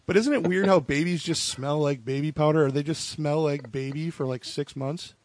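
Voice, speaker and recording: A young man and father chatting casually on a podcast, joking and profane as he tells quick stories. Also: a little high, no echo.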